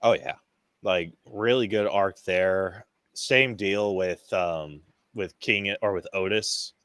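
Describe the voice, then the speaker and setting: A man co-hosting a podcast in casual movie review chat. He is excitable, swears freely and acts out scenes in quick quoted voices. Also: low voice, clean tone, no echo. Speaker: podcast co-host.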